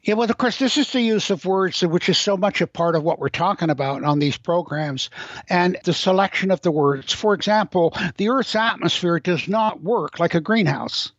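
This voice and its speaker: An older man with a fairly high voice talks as an interview guest. He is wry and opinionated, spinning anecdotes. The recording sounds dull and lo-fi, with a dry, close quality. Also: moderate pace, no echo. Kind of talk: interview conversation.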